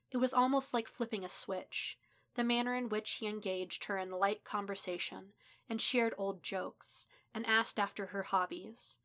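A woman reading a fan fiction story aloud in a soft, steady, subdued way. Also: mid-range voice, creaky. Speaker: podfic reader. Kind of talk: audiobook fan fiction narration.

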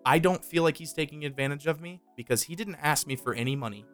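A man's voice: a little high, quick pace, fairly bright tone, soft background music. Casual swearing young man telling a story. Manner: loose storytelling with frequent profanity. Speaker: podcast co-host. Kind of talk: casual chat.

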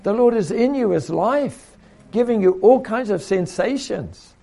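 Man, preacher, lively pitch, gravelly, conversational sermon. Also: a little slow. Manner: conversational and animated, with repeats and acted quotes.

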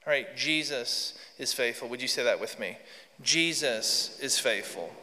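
A man's voice: medium pitch, measured pace, pushed and bright. A man preaching a sermon and leading prayer in a large church, earnest and addressing the congregation directly. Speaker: pastor. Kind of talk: sermon with scripture reading and prayer. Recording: long hall reverb from a church.

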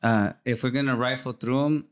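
A man's voice: mid-range voice, fairly even intonation, fairly quick. A man answering trivia in a casual chat, joking and wisecracking, often restarting his sentences. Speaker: quiz contestant, co-host.

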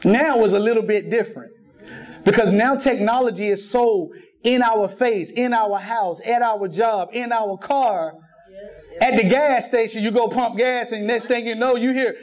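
High-voiced preacher joking with his congregation. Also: normal speed. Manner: lively storytelling with jokes and repetition. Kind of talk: sermon. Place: church sanctuary.

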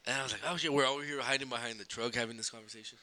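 A young man telling a story in casual chat, animated and swearing, slipping in Spanish phrases. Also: mid-range voice, racing. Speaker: podcast guest storyteller.

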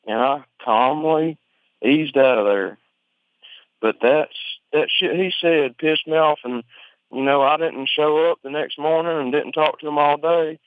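A man with an Alabama Southern accent telling a story over the phone in an informal, rambling way, full of swearing and halting restarts. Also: on the high side, dry recording. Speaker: interviewee on a phone call. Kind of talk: conversational storytelling. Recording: tinny phone line, dry.

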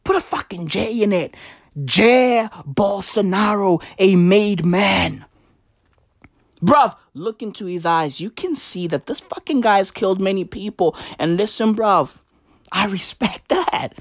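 A woman's voice: medium pitch, animated, measured pace, dry recording, clean studio sound. A woman delivering a profane comedic rant in a drawling, slangy voice with lots of repetition. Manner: drawling, slangy, swears a lot, repeats lines. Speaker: comedic ranter.

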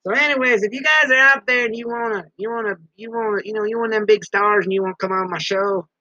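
A man's voice: high voice, fairly even intonation, fast talker, sharp tone, dry recording. A man hosting his own show from a basement, rambling casually, repeating himself and talking about himself in the third person. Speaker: podcast host. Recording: dull muffled sound.

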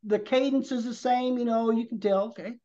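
A man's voice: very high-pitched, fairly even intonation, a little fast, dark tone. Man telling a long hunting story. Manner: rambling hunting tale told with vivid detail. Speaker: podcast guest. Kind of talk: casual storytelling. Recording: dull lo-fi podcast audio.

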